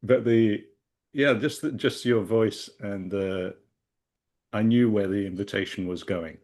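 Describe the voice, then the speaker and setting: A man's voice: lowish voice, measured pace, a little mellow. A man on a group video call describing his experience, hesitant and searching for words. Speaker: call participant. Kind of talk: casual sharing on a group call.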